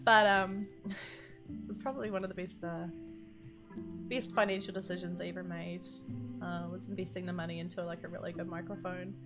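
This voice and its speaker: Loud music sits behind this woman's lowish, fairly even voice as she speaks at normal speed, pausing often. With a New Zealand accent, she chats casually on her live game stream, rambling and giggling a lot, using a standalone studio mic.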